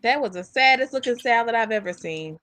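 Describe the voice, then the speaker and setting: A woman's voice: on the high side, expressive, fairly quick, background noise. A woman giving blunt, mocking reaction commentary.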